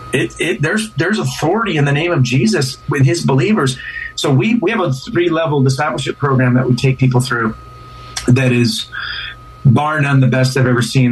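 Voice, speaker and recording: A man's voice: medium pitch, breathy edge, far from the mic, poor audio. A man who is a pastor, speaking as a guest in an earnest, casual interview, often repeating and restarting words.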